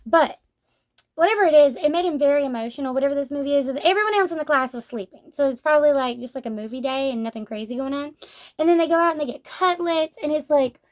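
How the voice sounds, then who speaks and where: A young adult woman talking casually as she reviews a manga, chatty and rambling, with lots of "like". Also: high voice.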